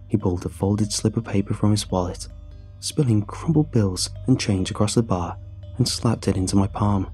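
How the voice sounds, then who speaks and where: A man narrating a first-person horror story in a measured, even storytelling voice. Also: fairly low pitch, slightly rough, faint music behind.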